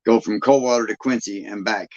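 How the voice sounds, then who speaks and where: A man's voice: lowish voice, fairly even intonation, brisk, darkish tone. A man from Michigan hosting a live stream, chatting casually and folksily with viewers and laughing often. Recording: dull lo-fi sound.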